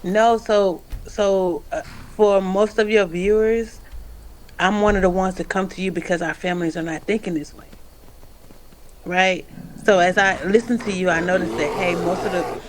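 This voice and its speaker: A woman's voice: medium pitch, fairly even intonation, normal speed, slight background noise. A woman in her twenties, a guest on a livestream video call, chatting easily and giggling often in casual slang. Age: 20s.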